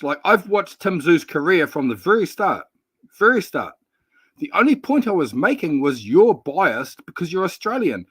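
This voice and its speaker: A man with a high, bright, sharp voice argues combatively and sarcastically, swearing freely in a heated casual debate. The sound is close and dry, as if over an online call mic. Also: slightly rough, no echo. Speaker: panel guest, boxing fan.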